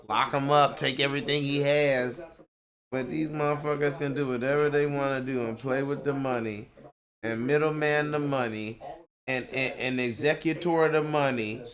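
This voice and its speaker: A man hosting a livestream from home, ranting in a heated, profane, repetitive way. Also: medium pitch. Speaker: livestream host. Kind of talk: angry livestream rant.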